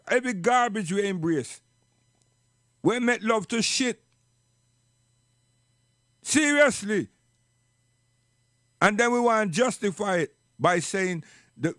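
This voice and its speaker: High-voiced Jamaican man, emphatic monologue. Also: fairly bright tone, no echo, studio quality. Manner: preachy, emphatic, repeats "you understand?". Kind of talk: impassioned spoken monologue.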